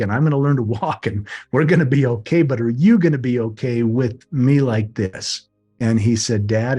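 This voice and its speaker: A man's voice: mid-range voice, darkish tone. A middle-aged man earnestly recounting a personal near-death experience in an emotional, reflective way. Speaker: guest telling his near-death experience. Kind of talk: personal storytelling.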